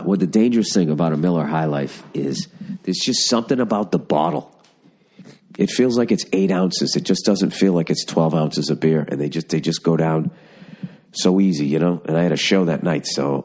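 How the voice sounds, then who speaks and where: A man's voice: a bass voice, a little mellow. A man hosting a podcast, telling rambling, profane stories in casual chat. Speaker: podcast host.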